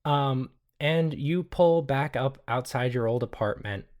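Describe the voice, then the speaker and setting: A man's voice: medium pitch, a little slow, a little mellow. A man narrating a tabletop game as game master, casual and hesitant with many fillers.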